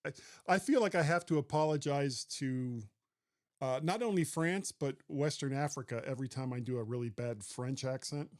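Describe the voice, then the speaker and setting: A man hosting a tech podcast, chatting in an animated way. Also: medium pitch, normal speed, no room sound, studio quality. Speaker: podcast host. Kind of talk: casual tech podcast chat.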